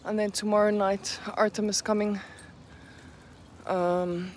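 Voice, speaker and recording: A woman's voice: medium pitch, level tone, takes it slowly, slight background noise. A young South African woman vlogging casually, chatting and cooing baby talk at her dogs. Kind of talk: casual daily vlog. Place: home and outdoor walk.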